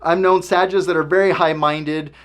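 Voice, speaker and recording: A man's voice: a little high, steady tone, moderate pace, a bit bright. A man hosting a casual explanatory talk, conversational and often checking in with the listener. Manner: conversational, keeps checking in with "okay?". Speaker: host.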